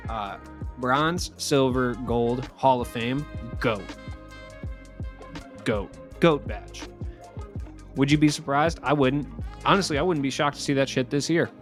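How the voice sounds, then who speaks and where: A man's voice: medium pitch, unhurried, long pauses, faint music behind. Chatty young man commentating a game. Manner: chatty, rambling, joking asides. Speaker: gaming YouTuber.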